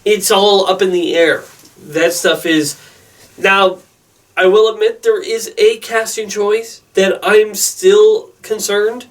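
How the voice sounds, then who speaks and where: A young man with a somewhat high voice rambles through his movie predictions, excitable and full of asides. He sounds set back a little from the microphone. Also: recorded from a distance. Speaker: movie vlogger. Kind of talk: casual opinion vlog.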